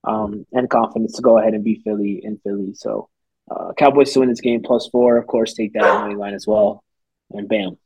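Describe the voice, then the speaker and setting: A man's voice: lowish voice, fairly even intonation, fairly quick, noisy background. A man co-hosting a sports podcast, giving confident betting picks in a laid-back, casual way. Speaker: podcast co-host.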